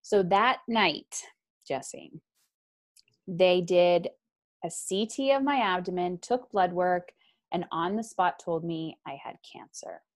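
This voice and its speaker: A woman with a somewhat low speaking voice tells her own story as an interview guest. She talks frankly and with energy, with quick asides, and slips into other people's voices when she quotes them. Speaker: guest, author. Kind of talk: candid personal storytelling in conversation. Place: lives in Ontario, Canada.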